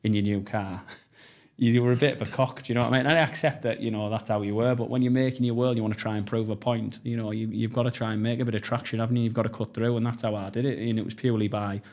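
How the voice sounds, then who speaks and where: A man's voice: medium pitch, steady tone, fast talker, a little mellow. A man in his thirties with a North East English accent, a podcast guest telling his story bluntly and enthusiastically, swearing freely. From North East England. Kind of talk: casual storytelling interview.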